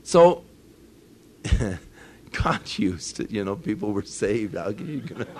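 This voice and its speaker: A man's voice: fairly low pitch, big pitch swings, very slow, slight background noise. An older man preaching a sermon, telling folksy stories with chuckles and rising to earnest emphasis on his points. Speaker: pastor.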